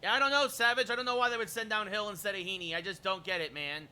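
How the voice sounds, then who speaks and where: A man streaming a baseball video game, calling the plays like a broadcaster and chatting with viewers between pitches. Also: fast, clear, resonant tone. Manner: erupts into shouted home-run calls. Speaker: streamer doing play-by-play. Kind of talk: live-stream game commentary.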